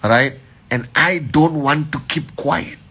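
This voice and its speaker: A man's voice: on the high side, a little slow, pushed and bright, husky. A middle-aged man giving a motivational live address as a company leader, emphatic and rallying, often checking in with "all right?".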